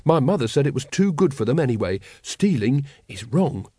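An earnest, literal-minded young recruit voiced by a man in an audiobook. He speaks plainly and keenly, in a lively voice recorded dry and close. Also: mid-range voice, normal speed, husky, no echo.

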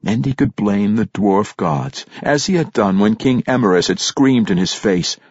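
A man reads fantasy narration in a measured, steady manner, lifting into dramatic emphasis on key phrases. His voice is low and husky, recorded close and dry with a dull, lo-fi sound. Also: no echo. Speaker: audiobook narrator.

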